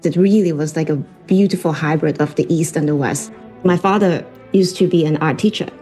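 Woman conductor from Hong Kong, low mellow voice, earnest, filler-heavy interview answers, faint music behind. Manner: earnest, lots of fillers, laughs while telling stories. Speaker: orchestra conductor. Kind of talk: broadcast interview.

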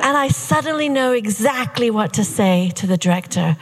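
A woman telling a personal story to an audience in a hushed, confessional and wry way. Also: on the high side, lively intonation, moderate pace, hardly any pauses, slight background noise.

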